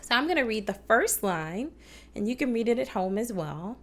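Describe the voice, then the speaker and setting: A woman's voice: fairly high pitch, lively intonation, normal speed. A woman teaching children about opera on a kids' TV show, patient and encouraging toward viewers at home. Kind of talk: kids' TV music lesson.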